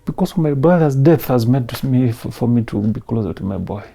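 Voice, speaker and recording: A man in his thirties with a Kenyan accent, telling his personal story in an emotional, soft-spoken way and mixing in Swahili phrases. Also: medium pitch, animated, normal speed, vocal fry. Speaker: interview guest.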